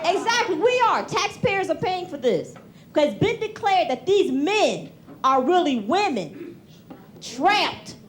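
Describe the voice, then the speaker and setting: A woman doing a stand-up set on a TV club stage, animated and conversational, acting out family members. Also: very high-pitched. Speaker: stand-up comedian. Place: comedy club stage with audience. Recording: 1990s TV club recording. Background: audience laughter.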